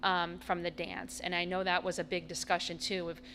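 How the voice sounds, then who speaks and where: A woman's voice: on the low side, little pitch movement, normal speed, sharp tone, slight background noise. A woman, a mother, giving a conversational and earnest public comment at a school board meeting. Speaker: parent speaking at public comment.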